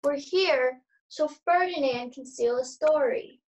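A witty young storyteller. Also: female voice, high voice, slow pace, a little mellow, far from the mic, rough recording. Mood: wry. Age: teens. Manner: dry, teasing, storytelling. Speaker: student actor, storyteller.

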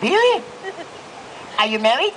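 His voice is very high and sing-song, and he keeps a measured pace as a street performer entertaining an outdoor festival audience. The sarcastic, self-deprecating jokes come through a noisy recording filled with crowd chatter and children.

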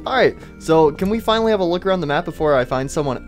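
A man's voice: fairly high pitch, animated, rapid-fire, soft background music. A young man casually commenting on a video game as he plays, teasing the characters with playful asides. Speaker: gaming YouTuber. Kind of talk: casual let's-play commentary.

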